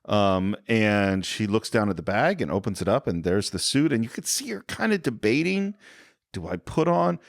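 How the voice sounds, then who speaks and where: A man's voice: lowish voice, lively intonation, normal speed, hardly any pauses, no echo, clean studio sound. A man hosting a podcast, casually and enthusiastically retelling film scenes and acting out the quotes. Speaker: podcast host.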